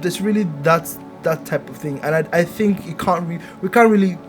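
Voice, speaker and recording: A man chats animatedly on a discussion panel, his voice pitched fairly high. He laughs often and circles back to restart his thoughts. Faint music plays underneath. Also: moderate pace. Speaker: podcast co-host. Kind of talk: casual panel chat.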